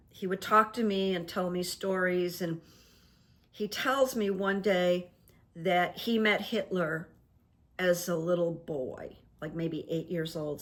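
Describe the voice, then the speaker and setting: Slow, meandering woman rune reader. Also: lowish voice, fairly bright tone. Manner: meandering, with many fillers and restarts. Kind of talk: casual monologue.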